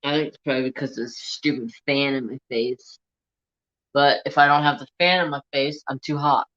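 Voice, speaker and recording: A man hosting a crafts livestream in casual chat, slow and chatty, a bit teary and sniffly, at home with a fan blowing. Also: medium pitch, steady tone, pushed and bright. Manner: slow, chatty, humming to himself. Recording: dull lo-fi stream audio.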